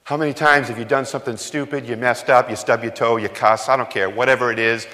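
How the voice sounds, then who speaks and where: A pastor preaches a sermon in a church sanctuary, firing rhetorical questions at his congregation in an emphatic, conversational way. His mid-range voice is fast, pushed, and bright, with fairly even intonation, and a long hall reverb fills the recording.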